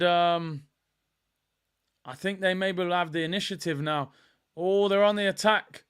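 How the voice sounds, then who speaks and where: Excitable high-voiced football watchalong host. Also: male voice, smooth. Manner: excitable, chatty, reacting to play and chat messages. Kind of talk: live football watchalong commentary.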